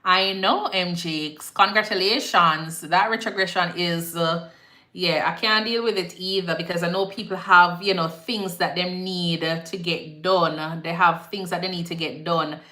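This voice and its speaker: A woman's voice: lowish voice, steady tone, unhurried, sharp tone. A young woman with a Jamaican accent, a nurse hosting a casual live Q&A and mixing patois phrasing into her advice. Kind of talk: casual live-stream chat. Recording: echoey room.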